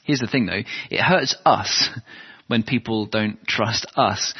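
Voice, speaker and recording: Male preacher, husky voice, earnest sermon, rhetorical questions, long hall reverb. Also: on the low side, takes it slowly, dull audio.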